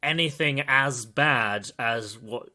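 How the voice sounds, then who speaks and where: A man with a mid-range voice and a sharp tone speaks slowly as he hosts a podcast. He chats casually and wanders off on tangents about a film, thoughtful throughout, and calls himself a pedant.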